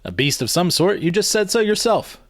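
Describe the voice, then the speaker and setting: A man's voice: mid-range voice, sing-song, normal speed, dry recording, natural voice. A man reading aloud and voicing a bored young man who answers with dry, sarcastic dismissal. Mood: dismissive. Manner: dry, sarcastic, mock-astonished.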